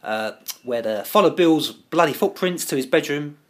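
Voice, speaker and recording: A woman's voice: low-pitched, animated, normal speed. A woman co-hosting a podcast, recapping a TV episode with wry asides and casual swearing. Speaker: podcast co-host.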